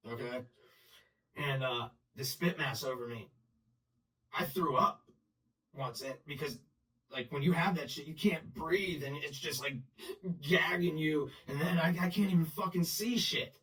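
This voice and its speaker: A man telling his own story in blunt, profane, halting talk full of restarts and fillers. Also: mid-range voice, fairly bright tone, far from the mic, poor audio. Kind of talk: unscripted personal storytelling.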